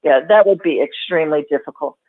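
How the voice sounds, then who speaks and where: A woman's voice: sits low, a little fast. A woman hosting an interview, sympathetic and affirming, calling her guest honey. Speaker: host. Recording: tinny phone-line sound.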